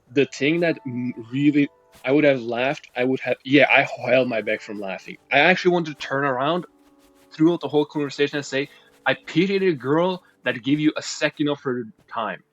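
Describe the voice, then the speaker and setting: A man telling a storytime rant in a rambling way, swearing and making indignant asides. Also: medium pitch. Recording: dull recording with faint music.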